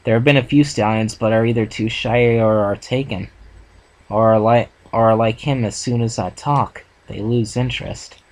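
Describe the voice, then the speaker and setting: A man voicing an earnest, heartbroken female farm pony, reading her lines gently in a plain voice. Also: lowish voice, fairly even intonation, moderate pace, lightly acted, low-quality recording. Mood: sad, tearful.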